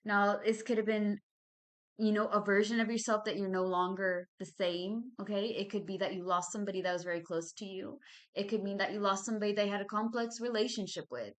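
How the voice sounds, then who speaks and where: A woman's voice: mid-range voice, steady tone, brisk. A woman in her thirties with a Southern Texas accent, giving a chatty, slangy tarot reading to her viewers. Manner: chatty and slangy, addresses viewers as babies and y'all. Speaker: tarot card reader. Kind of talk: casual monthly card reading.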